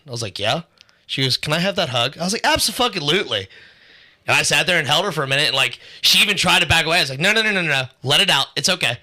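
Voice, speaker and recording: A man with a very bright, sharp voice rambles through personal stories on a casual podcast. He uses lots of fillers and swears freely. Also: medium pitch. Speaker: podcast co-host.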